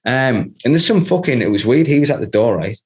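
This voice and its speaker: A man's voice: mid-range voice, animated, a little fast, a little mellow. A man telling a long, rambling story in casual chat, swearing constantly and laughing as he goes. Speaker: podcast guest.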